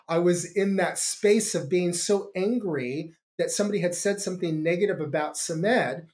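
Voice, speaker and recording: A man's voice: high voice, darkish tone. Earnest middle-aged man telling his story. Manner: earnest, halting with restarts. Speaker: podcast guest. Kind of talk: reflective storytelling.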